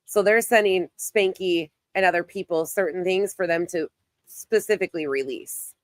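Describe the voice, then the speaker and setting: A woman hosts a casual livestream in a fairly low voice. She talks bluntly and swears, greeting her chat by name while her voice is wearing out. The sound is dry and close. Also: moderate pace, no echo. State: losing her voice. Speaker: livestream host.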